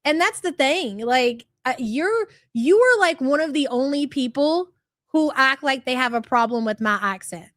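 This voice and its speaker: Brash high-voiced woman with light country twang. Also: expressive, normal speed, a bit bright, dry recording, studio quality. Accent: light American country twang. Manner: brash and profane, sarcastic. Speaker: livestream host. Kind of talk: livestream commentary reading viewer chats.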